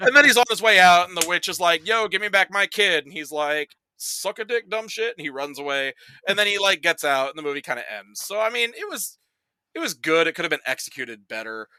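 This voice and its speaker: A man retelling film plots in casual podcast chat, animated and swearing freely. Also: on the high side, fast talker, clear, resonant tone, dry recording. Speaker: podcast guest reviewing films.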